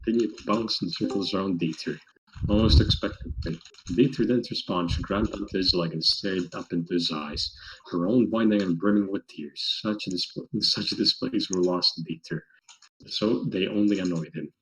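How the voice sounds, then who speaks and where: Low-voiced man reading casually, halting. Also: a bit bright, poor audio. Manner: halting, stumbles over words. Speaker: reader. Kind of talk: casual reading of fan fiction with friends.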